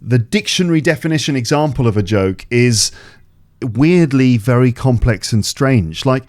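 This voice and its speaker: A man's voice: medium pitch, animated, moderate pace, darkish tone, dry recording, studio quality. A man hosting a podcast, chatting casually and thinking aloud in questions. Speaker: podcast host. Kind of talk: casual conversation about comedy.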